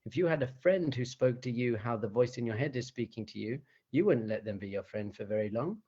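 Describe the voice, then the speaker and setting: Speaking a little fast, a rabbi gives an animated, conversational meditation teaching, often laughing softly and posing rhetorical questions. His mid-pitched voice is breathy at the edges, and the audio is lo-fi and slightly dull.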